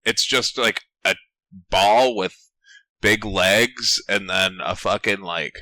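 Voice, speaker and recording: Man, low-pitched but very bright tone, animated casual podcast chat. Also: takes it slowly, dry recording. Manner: animated storytelling, swearing, laughing. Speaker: podcast co-host.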